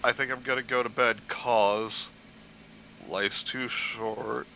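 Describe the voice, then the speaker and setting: Young guy cracking jokes, super bright sharp voice, kinda muffled mic. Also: medium pitch, takes it slowly, creaky, slight background noise. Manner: animated, mocking, does funny voices. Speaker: co-host friend reacting. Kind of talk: casual comedic banter.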